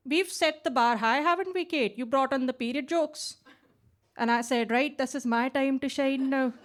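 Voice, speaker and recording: A woman's voice: sits high, normal speed. A woman in her late twenties from India with a twang, doing a chatty stand-up set on a club stage mic. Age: late 20s. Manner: chatty, tags lines with "right?". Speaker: stand-up comedian. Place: basement comedy club.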